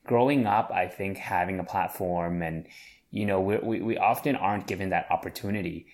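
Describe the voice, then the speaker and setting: A man in his thirties answers interview questions in an earnest way, often restarting his sentences as he thinks. His voice sits very low. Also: moderate pace, a little mellow. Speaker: guest, chef and business owner.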